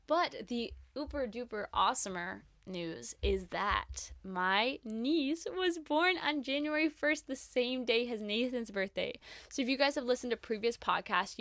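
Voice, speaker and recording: A woman's voice: on the high side, fairly bright tone, no room sound. A young woman hosting a casual faith podcast, talking in a bubbly, effusive way with plenty of "like"s and gushing praise. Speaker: podcast host.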